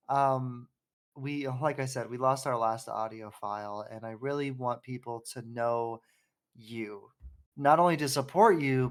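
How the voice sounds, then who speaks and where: Playful podcast host, a man. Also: mid-range voice. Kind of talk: casual chat.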